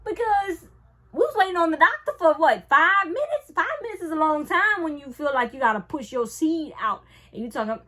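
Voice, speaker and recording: A young woman, telling a casual storytime vlog. She swings between hushed and loud. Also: high-pitched, animated, fairly quick. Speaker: vlogger.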